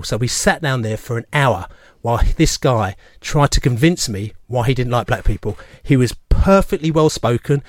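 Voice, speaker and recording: A man, a regular on a radio fan show, telling a long story in a rambling, animated way and acting out the people he quotes. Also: medium pitch, normal speed, few pauses, no room sound, studio quality. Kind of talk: casual radio chat, storytelling. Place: radio studio. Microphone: studio microphone.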